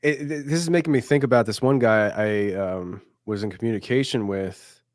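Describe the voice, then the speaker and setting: Man, low smooth voice, halting casual chat, dry close sound. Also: dry recording. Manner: halting, repeats words, small laughs. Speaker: podcast guest.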